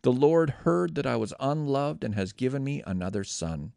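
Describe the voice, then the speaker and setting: An unloved wife pleading earnestly for her husband's affection, read by a man. The voice is gravelly and lively in its rise and fall. The recording is close and dry. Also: mid-range voice, normal speed, no echo. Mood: yearning. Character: Leah, anxious unloved wife longing for love.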